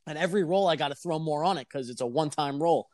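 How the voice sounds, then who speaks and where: A young man telling a casual, profane story on a podcast, animated and laughing as he talks. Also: on the high side, quick pace, no room sound, studio quality. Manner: animated, swears constantly, laughs mid-sentence.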